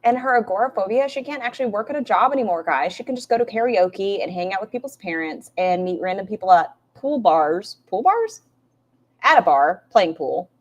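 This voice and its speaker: A woman's voice: mid-range voice, brisk, few pauses, highs cut off. A woman doing casual, sarcastic live-stream commentary, swearing freely and talking to her chat. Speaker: reaction streamer.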